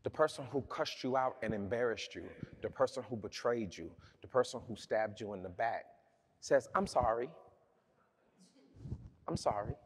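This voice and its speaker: A man's voice: medium pitch, normal speed, husky. A man preaching a sermon, telling a personal story in a conversational, humorous way with many restarts.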